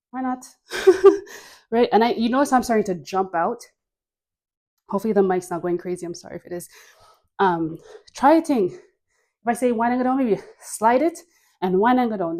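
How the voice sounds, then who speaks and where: A woman leading a dance workout class, cueing moves slowly between sighs and laughs, a bit out of breath. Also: medium pitch, a little mellow. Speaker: dance instructor.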